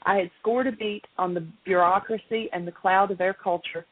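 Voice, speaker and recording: A woman co-hosting a radio show, reading a story aloud in a steady, matter-of-fact way. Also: medium pitch, normal speed, slightly rough, dry recording. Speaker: radio co-host. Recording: phone-line radio audio.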